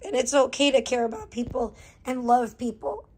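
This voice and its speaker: A woman's voice: high-pitched, expressive, moderate pace, darkish tone. Candid, swearing woman streamer. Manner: candid and emotional, swearing freely. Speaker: live streamer. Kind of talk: casual live-stream chat.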